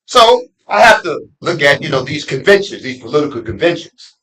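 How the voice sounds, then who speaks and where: New imam preaching casual, bright voice, goes way up and down, slangy. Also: male voice, very animated, a little fast, low-quality recording. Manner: conversational preaching, swings from low asides to loud emphatic peaks; street slang and laughter mixed into preaching. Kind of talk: Friday sermon. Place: mosque.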